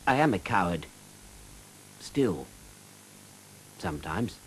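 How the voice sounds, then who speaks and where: A man's voice: low voice, big pitch swings, slow, slight background noise, heavily acted. A man voicing a cowardly, fussy knight in a children's storybook reading, stammering and flustered. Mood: sheepish. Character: cowardly flustered male knight, middle-aged.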